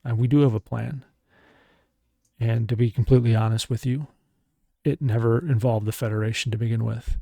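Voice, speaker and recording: A man's voice: mid-range voice, steady tone, moderate pace, gravelly, mellow, no echo, studio quality. Man playing a smug alien doctor.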